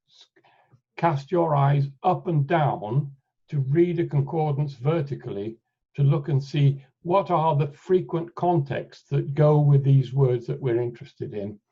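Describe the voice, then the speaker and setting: Slow, deliberate male webinar presenter. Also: fairly high pitch, husky. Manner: thinks aloud, unhurried, with frequent restarts. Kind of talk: live software demonstration lecture. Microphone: computer mic on a video call. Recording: dull lo-fi webinar audio.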